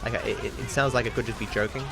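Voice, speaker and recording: A man's voice: medium pitch, fairly even intonation, fast, vocal fry. A young Australian man chatting casually while streaming a game, rambling, with candid opinions and frequent restarts. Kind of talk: casual chat while gaming. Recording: game music playing behind.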